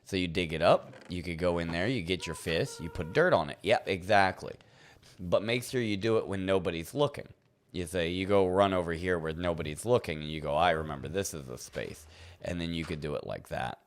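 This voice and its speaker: A man's voice: deep voice, fairly quick. A man casually chatting with viewers while playing a game, playful and rambling, chuckling often and talking to his chat. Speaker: streamer.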